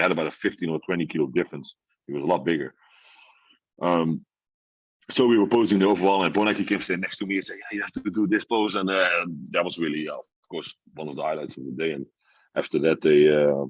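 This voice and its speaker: A young man with a Dutch accent, a guest on a podcast, telling a story in a lively, excited way with frequent laughs and many fillers. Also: rumbling low, no room sound. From Netherlands. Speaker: guest bodybuilder. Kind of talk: casual storytelling. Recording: dull, dry lo-fi sound.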